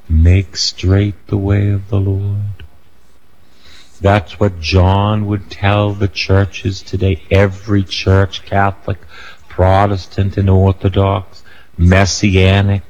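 An older man delivers a sermon in a low voice at an unhurried, deliberate pace. He presses emphatically on key phrases, sometimes rising to near shouts, then slips into casual asides and self-corrections. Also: monotone, lo-fi sound. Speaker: preacher.

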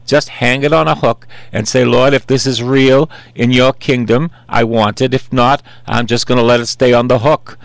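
A man's voice: medium pitch, fairly even intonation, moderate pace, gravelly, few pauses, dry recording. A man in his sixties preaching a sermon in an earnest, conversational way, repeating simple refrains.

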